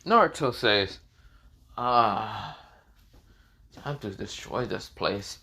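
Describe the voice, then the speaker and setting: A man telling an improvised fan story in a loose, rambling way, circling back with fillers and restarts. His voice is bright and forward, at an ordinary male pitch. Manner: rambling, restarts with "this is where, well". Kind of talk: improvised fan-fiction narration.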